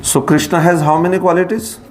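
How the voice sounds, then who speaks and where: A man with an Indian accent giving a scripture class lecture, lively, laughing often and putting questions to his students. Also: sits high, a little fast, a crowd in the background. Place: class streamed live.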